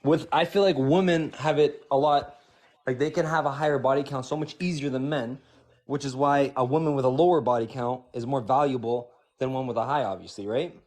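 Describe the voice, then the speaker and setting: A man's voice: medium pitch, steady tone, brisk, darkish tone. A man in a casual debate, talking loosely with many fillers and some swearing.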